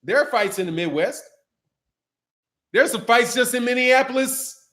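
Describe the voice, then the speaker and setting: A man's voice: extremely high pitch, animated, a little slow, bright, forceful tone. A man hosting a boxing channel, chatting casually on a livestream. He talks in slang, laughs often and rambles. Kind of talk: casual livestream chat reading super chats.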